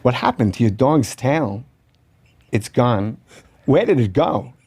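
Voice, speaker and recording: A man doing an impression of an eccentric older male movie star, deadpan, with halting pauses and a hushed delivery. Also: medium pitch, husky, full character voice. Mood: deadpan, cryptic. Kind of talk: comedic impression in a podcast story.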